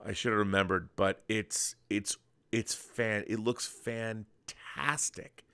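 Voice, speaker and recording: A man's voice: on the low side, steady tone, takes it slowly, bright, forceful tone, clean tone. A middle-aged man hosting a podcast, chatting casually and enthusiastically about films, rambling with restarts. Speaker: podcast host. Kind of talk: casual film chat.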